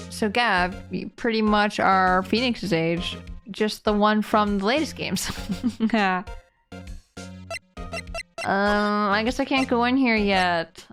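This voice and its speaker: This woman has a medium-pitched voice and is streaming a game live. Between chatting, she reads its dialogue aloud, laughing in giggles and letting out loud, excited outbursts.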